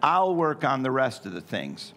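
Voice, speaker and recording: A man's voice: mid-range voice, wildly swooping pitch, normal speed, gravelly, fairly bright tone, slight background noise. A middle-aged man preaching a sermon in a church in a folksy, joking way with playful asides. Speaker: pastor. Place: church sanctuary.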